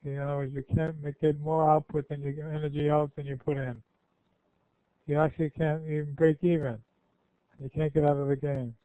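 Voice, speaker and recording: A man's voice: fairly high pitch, level tone, a little fast, no room sound. An older man giving an informal, rambling question-and-answer talk to students, folksy and often correcting himself. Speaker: guest speaker. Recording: tinny phone-like line.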